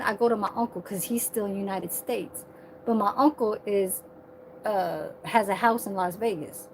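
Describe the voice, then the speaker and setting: A woman's voice: a little high, a little mellow, a little hiss or hum. A woman in her thirties, ranting in a heated, profane, repetitive way on a casual livestream. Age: 30s.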